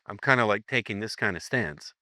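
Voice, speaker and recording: A man's voice: fairly low pitch, expressive, fairly quick, pushed and bright, no room sound. A man teaching a seminar, telling a story in a chatty, playful way and acting out the dialogue. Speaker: seminar instructor. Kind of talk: storytelling to a live seminar audience.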